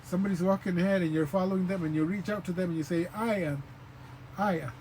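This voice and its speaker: Man teaching a language, patient, repeats sounds slowly, high voice, faint noise behind. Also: steady tone, a little mellow, poor audio. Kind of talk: informal spoken lesson.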